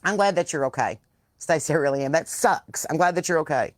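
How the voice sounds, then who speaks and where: A woman's voice: deep voice, brisk, no room sound, clean studio sound. A woman, hosting a casual live chat from her porch and telling stories with salty language and plenty of swearing. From Southern US. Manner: animated, salty storytelling with swearing. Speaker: podcast host. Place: outdoors on a porch.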